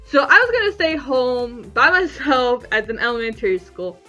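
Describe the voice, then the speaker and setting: A young woman vlogger telling a personal story in a casual way, lively and acting out the voices she quotes. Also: high-pitched, normal speed. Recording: slightly dull audio with faint music.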